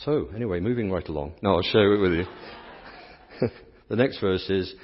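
A man preaching a lively sermon, playful and coaxing the congregation to join in. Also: on the low side, moderate pace, husky. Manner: playful, coaxes the crowd to join in. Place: church sanctuary. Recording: dull sound, long church reverb.

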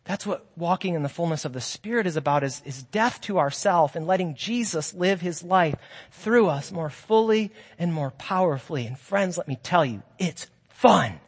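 A man with a high voice preaches a sermon, earnest and encouraging, weaving in personal stories and speaking to the congregation as friends. His voice rings out with a long reverb that carries through a church sanctuary. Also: expressive, normal speed, breathy edge.

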